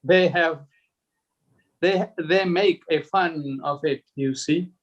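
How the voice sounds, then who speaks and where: A man's voice: a little high, takes it slowly, muffled recording. A man leading a group discussion, reading conversation transcripts aloud and chuckling now and then over a video call.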